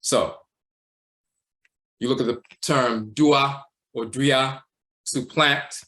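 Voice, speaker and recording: A man teaching a livestream lecture, walking slowly through words and terms, repeating them and often tacking on "and so forth.". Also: medium pitch, steady tone, fairly bright tone. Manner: measured, repeats terms and says "and so forth" a lot. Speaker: teacher of a spiritual tradition.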